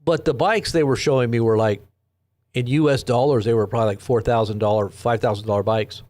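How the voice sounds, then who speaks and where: A man's voice: mid-range voice, steady tone, a little fast, a little mellow, no room sound. Chatty man hosting a live stream. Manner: chatty, rambling storyteller who laughs at his own stories. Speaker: host of a live late-night news stream. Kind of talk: casual live-stream chat, reading viewers' comments. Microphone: own desk microphone.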